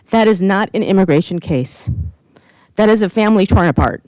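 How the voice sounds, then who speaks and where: A woman's voice: medium pitch, lively intonation, brisk, a little mellow, dry recording, poor audio. A woman, a civic group director, giving earnest, emotional public testimony at a county committee hearing.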